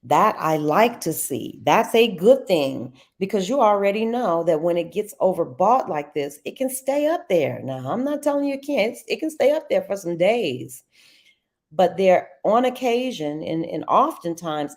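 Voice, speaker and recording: Chatty woman teaching trading. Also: on the low side. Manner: chatty, laughs often, addresses viewers as y'all. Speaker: trading educator hosting a live session. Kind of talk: casual live trading walkthrough.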